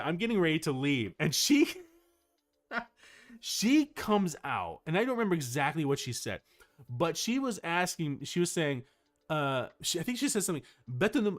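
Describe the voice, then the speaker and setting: Lively higher-voiced male streamer. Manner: animated storytelling with frequent restarts. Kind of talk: casual livestream chat.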